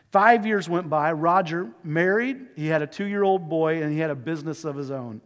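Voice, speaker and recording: A male pastor delivers an earnest, emotive sermon story and then a heartfelt prayer. His voice sits high for a man. It rings with the long reverb of a church sanctuary. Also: moderate pace, hardly any pauses. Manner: earnest, emotive retelling with shifting pace.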